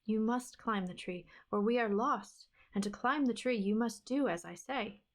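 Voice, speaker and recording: A woman's voice: on the high side, normal speed, close to an everyday voice. A woman voicing a young giant's daughter who is an earnest, resolute helper, read aloud from a fairy-tale book. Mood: urgent. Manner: earnest, urgent commands.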